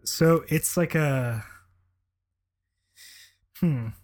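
Hesitant, halting podcast co-host man. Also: a little high, a little mellow. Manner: hesitant, repeats words, many fillers. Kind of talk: casual chat.

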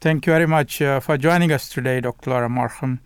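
A man hosting a radio interview, asking questions in a measured way with some hesitations. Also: mid-range voice, clean tone, no room sound. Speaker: radio show host.

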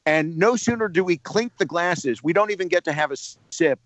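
Animated storyteller man from New Jersey. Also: on the high side, moderate pace, no echo, muffled recording. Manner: animated, repeats words as he builds a story. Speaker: radio personality calling in. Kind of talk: storytelling anecdote on a podcast.

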